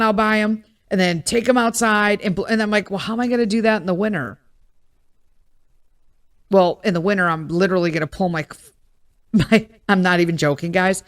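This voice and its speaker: Woman podcast host, casual monologue, blunt and profane, lively storyteller talking to her audience. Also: on the low side. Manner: animated, profane storytelling with frequent asides to listeners.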